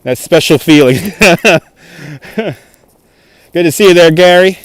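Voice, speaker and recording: Out in a snowy city park, a livestream host from New York chats as he walks, reading comments aloud and laughing frequently, captured by a phone camera on a gimbal. He speaks at a measured pace in a fairly high, clear, resonant voice with no room sound.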